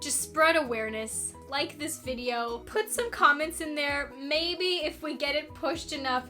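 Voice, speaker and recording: Bright, animated young woman vlogger. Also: a little high. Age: 20s. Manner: animated, dramatic, laughing often. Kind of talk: confessional storytelling vlog.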